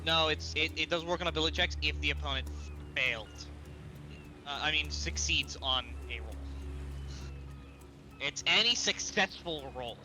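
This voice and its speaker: A man playing in a tabletop role-playing game, eager and quick to argue the game rules. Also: a little high, pushed and bright, soft background music. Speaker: player. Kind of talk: casual tabletop game chat.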